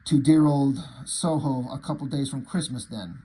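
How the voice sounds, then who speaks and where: A man's voice: medium pitch, normal speed, mellow, husky, natural voice. A man reading aloud the lines of a hard-bitten male occult con man from a comic, blunt and sweary. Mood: scornful.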